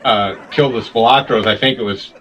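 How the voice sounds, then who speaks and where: A man's voice: mid-range voice, fairly quick, fairly bright tone, a faint crowd. A man hosting an interview, chatty, laughing along and asking follow-up questions. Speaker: interviewer, host. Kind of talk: casual interview. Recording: voice distant from the mic.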